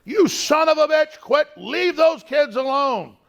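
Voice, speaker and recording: A middle-aged man hosting a show, ranting in a conspiratorial broadcast monologue and shouting at times. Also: very high-pitched, lively intonation, unhurried, vocal fry, dry recording, lo-fi sound. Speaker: talk show host.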